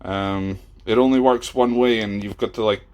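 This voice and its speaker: A man's voice: lowish voice, fairly even intonation, moderate pace, very noisy. A man hosting a casual home cooking video, talking in a chatty, rambling way with many fillers, recorded on a camera in a kitchen. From Scotland. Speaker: podcast host.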